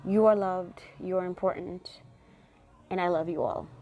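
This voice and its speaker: A woman's voice: fairly low pitch, fairly even intonation, moderate pace, mellow, lo-fi sound. A woman hosting her own podcast, talking casually and affectionately to her listeners with pep-talk encouragement. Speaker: podcast host. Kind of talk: casual solo podcast monologue.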